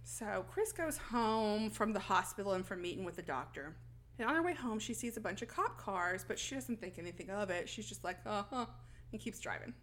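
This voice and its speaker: A woman podcast host casually recapping a film, telling the story in an animated, profane way. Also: medium pitch, brisk. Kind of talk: casual chat.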